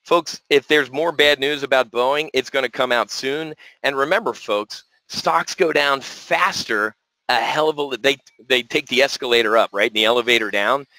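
A man hosting a live options trading webinar, talking in an energetic, folksy way and repeating words for emphasis. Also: medium pitch, moderate pace, dry recording, poor audio. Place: resort room.

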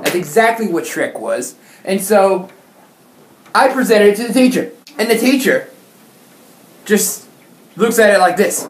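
A woman YouTuber telling a comic story in an animated, exaggerated, mock-outraged way. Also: mid-range voice. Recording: roomy echo.

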